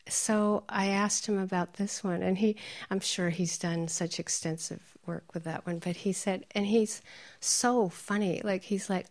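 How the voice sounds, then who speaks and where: A woman meditation teacher giving a dharma talk, telling stories, laughing often and dropping into soft whispers. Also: mid-range voice.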